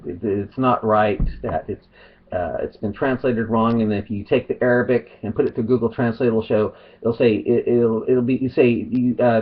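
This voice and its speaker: Middle-aged male vlogger, husky low voice, rambly delivery, muffled home recording. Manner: rambling, restarts and trails off. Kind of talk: casual vlog monologue. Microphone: webcam or phone.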